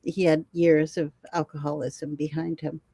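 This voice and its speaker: An older woman, a guest herbalist, telling animated stories in an interview and laughing often. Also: deep voice, normal speed, breathy edge, no room sound. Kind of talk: storytelling in an interview.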